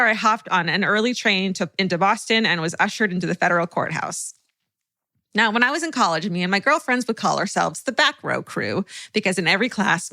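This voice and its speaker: A young adult woman co-hosting a podcast, reading listener stories aloud with an animated, swearing, laughing manner. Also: medium pitch, no room sound. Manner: animated storyteller, swears freely, laughs often. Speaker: podcast co-host.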